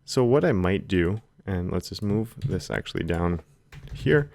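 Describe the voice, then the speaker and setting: Low-voiced man teaching code. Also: measured pace, vocal fry. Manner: relaxed, talks while typing code. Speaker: coding instructor. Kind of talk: screen-recorded coding tutorial. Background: keyboard typing.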